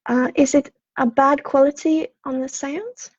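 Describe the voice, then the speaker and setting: A woman with a Swedish accent, a psychic counselor chatting on a livestream in a soft, apologetic, halting way with many fillers. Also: high-pitched, fairly even intonation, no echo. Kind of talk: casual livestream chat. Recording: dull lo-fi livestream audio.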